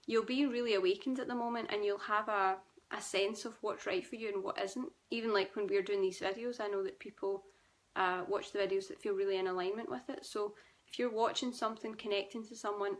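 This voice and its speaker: A young Scottish woman hosting a live stream, reading viewer comments and answering them in a chatty, reassuring way. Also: medium pitch. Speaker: host.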